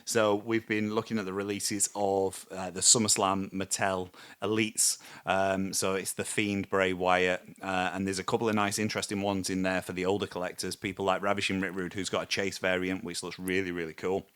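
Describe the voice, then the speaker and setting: A man in his thirties with a fairly low voice chats on a podcast. He tells stories with animation and laughs often along the way. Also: little pitch movement, normal speed, few pauses, a bit bright. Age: 30s. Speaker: podcast co-host. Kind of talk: casual chat.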